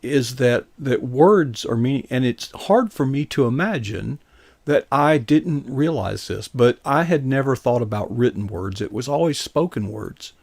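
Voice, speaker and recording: A male host chatting with a guest in a rambling, roundabout way. His voice is gravelly, and the sound is dry and close, with no room echo. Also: medium pitch, lively intonation, measured pace, a little mellow. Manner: rambling, takes detours. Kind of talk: casual interview chat.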